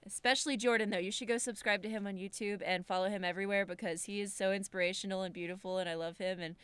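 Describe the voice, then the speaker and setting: A woman's voice: medium pitch, steady tone, fast, a bit bright, clear, resonant tone, no room sound. A woman co-hosting a comedy podcast, giggly and playful, rambling with lots of "like.". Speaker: podcast co-host. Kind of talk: casual comedic podcast chat.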